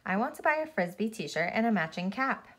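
A woman's voice: medium pitch, very animated, fairly quick, fairly bright tone, slightly rough. A woman reading a young boy eager to earn money.

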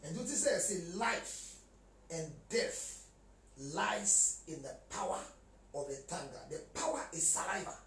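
A man talking in a lively mix of Twi and English as a guest in a casual chat. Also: high-pitched, unhurried, distant mic, slight background noise. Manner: animated, switches between Twi and English. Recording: echoey room, voice from off-mic.

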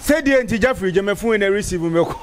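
High-voiced man, chatty. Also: animated, brisk, a little hiss or hum. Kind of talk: street interview.

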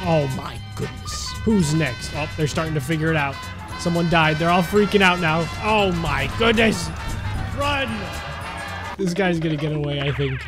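A young man giving jokey, excited commentary on a sandbox game, crying out at the action. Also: fairly high pitch. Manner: animated, jokey, cries out at on-screen action. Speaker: gaming YouTuber.

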